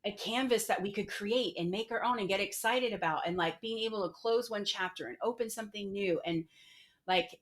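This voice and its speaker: A woman's voice: mid-range voice, brisk. A middle-aged woman, a podcast guest, candidly telling a personal story with many "like" fillers. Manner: frequent "like" fillers, emotional retelling.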